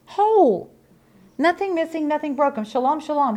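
A woman preaching a sermon, emphatic and repetitive, with folksy asides to the congregation and swings from loud to soft. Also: high voice, expressive, moderate pace.

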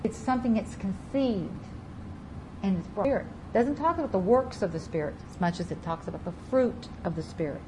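A woman preaching a sermon, reading scripture aloud and stressing key words over and over, her loudness rising and falling. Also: mid-range voice, expressive, fairly quick, noisy background. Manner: emphatic, repeats key words, varies loudness widely; reads scripture aloud in King James wording. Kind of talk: Bible teaching sermon.

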